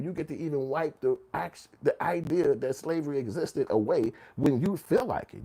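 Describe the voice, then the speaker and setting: A man's voice: fairly high pitch, a little fast, few pauses, warm tone. A man hosting a commentary channel, ranting heatedly and profanely, sometimes acting out quotes in mocking voices. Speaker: channel host.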